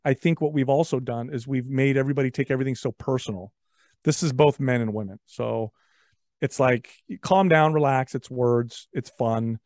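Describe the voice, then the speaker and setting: A man's voice: mid-range voice, dry recording, clean studio sound. A man in casual podcast conversation, telling stories animatedly and often repeating words as he talks. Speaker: podcast guest. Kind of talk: casual chat.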